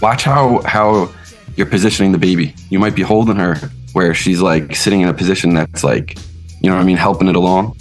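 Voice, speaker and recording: A man's voice: low-pitched, fairly quick, soft background music. A man co-hosting a sports podcast, pressing his point and cutting in with "listen.". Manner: insistent, keeps saying "listen". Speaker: podcast co-host. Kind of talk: heated sports debate.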